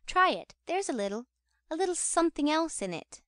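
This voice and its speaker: A woman reading an audiobook, putting on the voice of a coy, fluttery middle-aged matron who speaks in breathy, faltering bursts. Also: high-pitched, sing-song, fairly quick, a bit bright, no room sound, studio quality, pitched above the performer's own voice.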